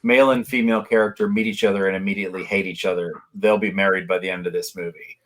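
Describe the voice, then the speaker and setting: A man's voice: deep voice, flat delivery, fast talker, fairly bright tone. A man co-hosting a casual podcast discussion, talking in a reflective, chatty, storytelling way. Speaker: podcast co-host.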